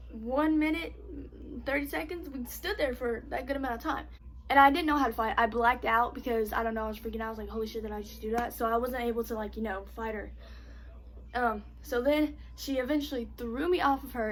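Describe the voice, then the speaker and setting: A young woman telling a casual storytime vlog, animated, swearing freely and saying "like" constantly. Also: on the high side. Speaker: vlogger.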